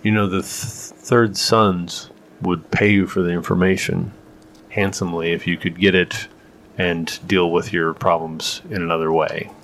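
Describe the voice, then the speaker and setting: A man voicing a young male cleric who is secretly a spy, talking in a quiet, confidential way. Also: sits low, level tone, moderate pace, a little hiss or hum.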